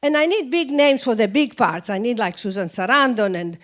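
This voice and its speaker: A woman with a Greek accent quoting a fussy, flattering male theatre director. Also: on the high side, normal speed, natural voice.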